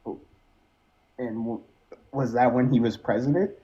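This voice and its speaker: Apologetic young-sounding caller, dull line. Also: male voice, medium pitch, fairly even intonation, normal speed, warm tone, husky. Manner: apologetic, distracted, swears often. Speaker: caller on a live stream debate. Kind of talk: casual argumentative chat. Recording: dull lo-fi call audio.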